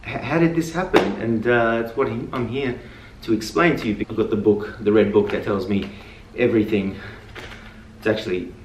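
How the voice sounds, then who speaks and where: A man's voice: lowish voice, normal speed. Jokey rambling man vlogging over street noise. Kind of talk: casual comedic vlog. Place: Dubai.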